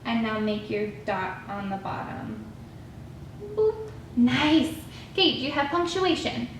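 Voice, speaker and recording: Lively high-voiced woman teaching a child. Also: unhurried, slight background noise. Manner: animated, encouraging, step-by-step prompting. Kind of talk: guided writing lesson for a young child. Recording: echoey room, mic at a distance.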